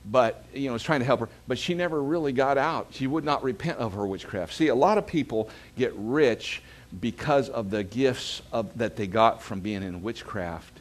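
A man's voice: mid-range voice, normal speed. A man, preaching a sermon as pastor, telling stories and calling the congregation to say amen. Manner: storytelling preacher calling for amens.

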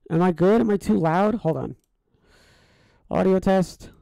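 A man's voice: high voice, a little slow, gravelly, warm tone, clean tone, dry recording. A young man casually commenting on a game stream, rambling and thinking aloud with lots of fillers and restarts, fretting about his audio settings. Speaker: gaming streamer.

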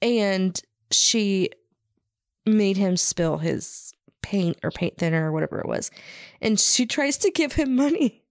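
A woman's voice: mid-range voice, animated, measured pace, no room sound, studio quality. A woman co-hosting a podcast, bluntly teasing her co-host and retelling film scenes in casual chat.

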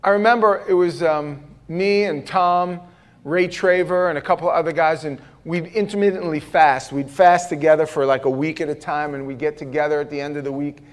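A man preaching a sermon in a church, telling stories in an animated way and joking at his own expense. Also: a little high, brisk. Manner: animated storytelling with self-deprecating jokes. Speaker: pastor. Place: church sanctuary.

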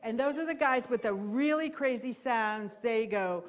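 Lively woman teaching about birds. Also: on the high side, normal speed, hardly any pauses. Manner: lively, imitates owl hoots. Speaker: wildlife educator. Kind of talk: live talk for a library audience. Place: library program room. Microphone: handheld mic.

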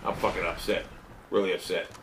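A man gaming, swearing and raging at a shooter, muttering low one moment and yelling the next. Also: little pitch movement, fairly quick, slight background noise. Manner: profane, swings between muttering and yelling. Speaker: gamer. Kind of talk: raging gameplay commentary.

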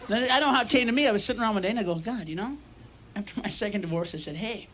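A man's voice: high voice, expressive, rapid-fire, slight background noise, poor audio. A man doing a live stand-up routine, ranting and breaking into sudden screaming tirades. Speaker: stand-up comedian. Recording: live club, loud crowd.

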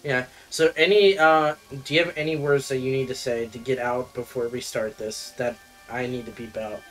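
A man's voice: medium pitch, steady tone, moderate pace, a bit bright, faint music behind. A young man co-hosting a casual video game playthrough, giggly and easily amused. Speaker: co-host and video editor. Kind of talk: casual gaming chat.

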